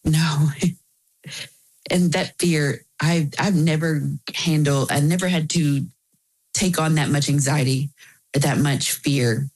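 A woman's voice: deep voice, steady tone, slow, a little mellow, poor audio. Earnest woman telling her story. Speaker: interview guest. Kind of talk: candid personal storytelling.

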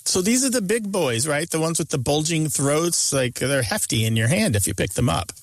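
A man's voice: fairly high pitch, lively intonation, normal speed, dry recording. A man co-hosting a radio call-in show, explaining word stress changes in an emphatic, explanatory way.

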